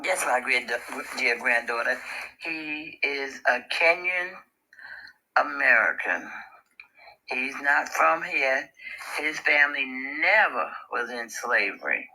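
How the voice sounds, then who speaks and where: A woman's voice: extremely low pitch, takes it slowly, pushed and bright, rough recording. An older woman, a grandmother, joining a podcast as a guest and chatting, telling anecdotes straight to the listeners. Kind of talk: casual storytelling.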